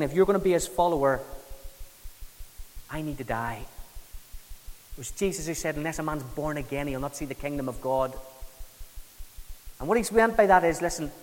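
A man preaching a sermon, conversational and emphatic, acting out quoted voices and dropping low for weight. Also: big-room sound, poor audio. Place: church.

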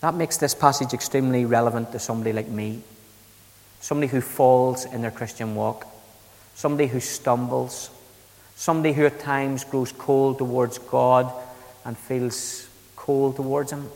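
A man preaching a sermon, telling Bible stories in a lively, dramatic way with big swings between loud and quiet. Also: medium pitch, moderate pace, big-room sound.

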